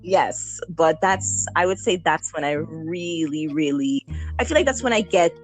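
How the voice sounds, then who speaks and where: Guest spot: young adult woman with a lowish voice, chatty and animated, faint music under her. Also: a little slow. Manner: chatty, animated, laughs often, frequent ums. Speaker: newborn photographer, guest. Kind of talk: casual podcast interview.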